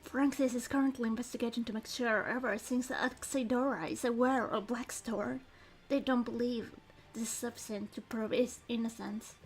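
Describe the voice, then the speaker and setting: A woman's voice: on the high side, fairly even intonation, moderate pace, voice pushed down, close to an everyday voice. A woman voicing a formal, deferential male official in a game. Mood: earnest.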